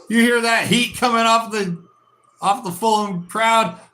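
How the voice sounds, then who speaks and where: A man hosting a football watch-along, reacting live with excitable shouting and frequent swearing. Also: high-pitched, unhurried.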